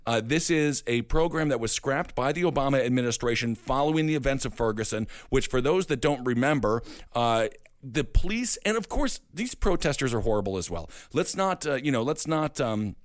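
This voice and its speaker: A man's voice: medium pitch, lively intonation, a little fast, no echo. A man from Wisconsin hosting a political talk show, making emphatic points and repeating them for effect. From Wisconsin, USA. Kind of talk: political commentary chat.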